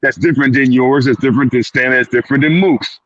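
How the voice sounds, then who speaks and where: Quick-paced and steady in tone, a male clinician on a panel makes his points emphatically, repeating words and acting out brief quoted asides. His medium-pitched voice is fairly bright, and the recording is dry and dull with no echo or room sound.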